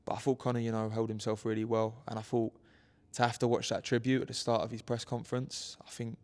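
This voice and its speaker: A man's voice: medium pitch, completely flat delivery, fast, darkish tone. A young man from England, a boxer, speaking earnestly in an interview with many fillers and restarts. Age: 20s. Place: boxing gym, indoors.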